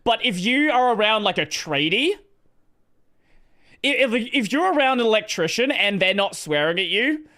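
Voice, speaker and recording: Aussie guy streaming, high bright voice, super clear, blunt and sweary. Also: very animated, moderate pace. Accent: Australian. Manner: blunt, rambling, laughs often. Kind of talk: casual commentary with swearing.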